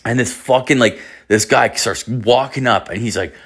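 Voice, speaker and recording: A man's voice: mid-range voice, normal speed, a bit bright, breathy edge. A man hosting a podcast, telling a story in a rambling, profane monologue packed with fillers. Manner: rambling, heavy swearing, lots of filler "like". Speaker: podcast host.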